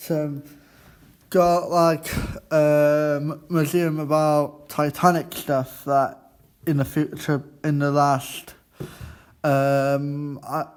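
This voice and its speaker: A man presenting a student radio show in a halting, chatty way, often stopping to quiz his classmates in the studio. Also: a little high. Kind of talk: casual radio chat.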